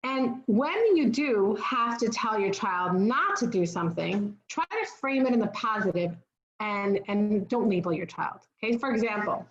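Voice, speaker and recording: A woman's voice: medium pitch, expressive, normal speed, echoey room, highs cut off. A woman giving a parenting talk in an earnest, instructive way, often checking in with the listener. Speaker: parenting speaker.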